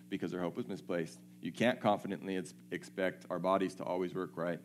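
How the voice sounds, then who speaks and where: A man's voice: sits low, flat delivery, brisk, slight background noise. A man preaching a sermon, reading scripture aloud and checking in with his listeners in a conversational way.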